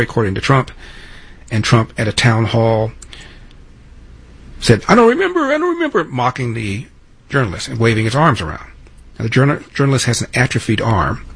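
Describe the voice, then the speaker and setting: A man's voice: on the low side, slightly rough, rough recording. A man in his seventies hosting a radio call-in show, telling stories and arguing his points with emphasis. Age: 70s. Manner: storytelling, emphatic, argumentative. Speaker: radio talk show host. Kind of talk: talk radio monologue and call-in.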